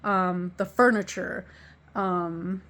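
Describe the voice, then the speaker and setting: A woman's voice: on the low side, fairly even intonation, slow pace, fairly bright tone. A woman telling a painful personal story, emotional and blunt, swearing and laughing through the hurt. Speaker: vlogger.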